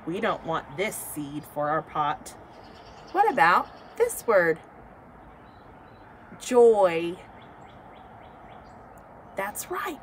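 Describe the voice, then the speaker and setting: A woman teacher giving a slow, encouraging phonics lesson to young children. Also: on the low side, huge pitch swings, a bit bright, slight background noise. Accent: American. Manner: slow, encouraging, sing-song teacher talk.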